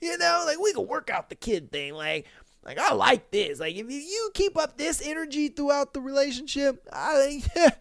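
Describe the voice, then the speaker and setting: A man hosting a podcast, giving casual, animated, slangy commentary and laughing often. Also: high-pitched, dry recording, clean studio sound. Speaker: podcast host. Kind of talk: casual reality-show commentary.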